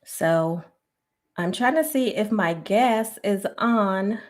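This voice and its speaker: A woman's voice: medium pitch, takes it slowly. A woman hosting a casual live-stream chat, laughing often, greeting viewers by name and dropping to a near whisper for asides. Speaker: host of a live relationship podcast.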